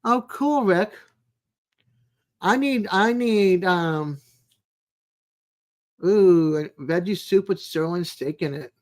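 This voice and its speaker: Slow and often pausing, an adult streamer with a medium-pitched, darkish voice chats casually and ramblingly on a home streaming mic, without a camera. They say hello to viewers by name and make cozy small talk packed with fillers.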